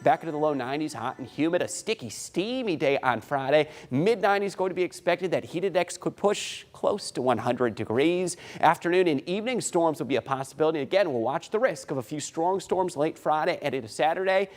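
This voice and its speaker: A man's voice: on the high side, animated, fairly quick, hardly any pauses. A man delivering a TV weather forecast as a meteorologist, with an urgent, emphatic broadcast delivery.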